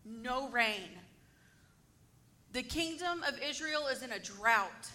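A woman with a high, bright voice retells a Bible story to her listeners, acting out its scenes. She takes her time and asks the group questions as she goes. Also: takes it slowly. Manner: animated, acts out the story and asks the audience questions. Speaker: Bible teacher.

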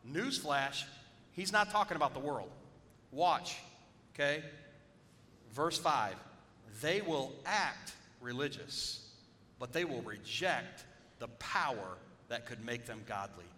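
A joking pastor preaching in a hall. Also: male voice, animated, a little slow, long pauses, bright, forceful tone. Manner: conversational, joking, calls on the congregation. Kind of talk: sermon. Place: church sanctuary. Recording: reverberant hall with faint rumble.

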